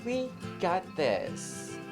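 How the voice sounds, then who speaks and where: A woman's voice: on the low side, wildly swooping pitch, drawn-out words, voice pushed up, full character voice. A woman voicing an enthusiastic young girl who loves animals, reading game dialogue aloud over faint game music. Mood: excited. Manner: shouty and enthusiastic. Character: excited young girl heroine, eager animal lover.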